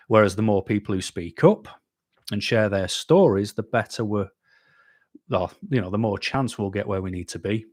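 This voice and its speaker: A man's voice: lowish voice, no room sound, studio quality. A man hosting a live stream, chatting casually with viewers in a rambling, self-deprecating way, full of ums and restarts.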